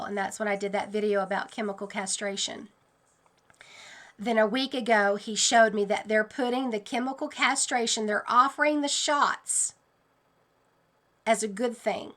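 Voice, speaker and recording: Woman vlogger, bright and fairly high voice, earnest, animated warnings in casual talk. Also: moderate pace. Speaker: channel host sharing dreams. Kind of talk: casual vlog monologue.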